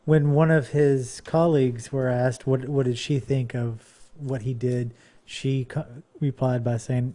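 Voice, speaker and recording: A man's voice: mid-range voice, fairly even intonation, unhurried, few pauses, warm tone. Wry man adding corrections on a podcast. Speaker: podcast co-host. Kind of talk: casual podcast chat.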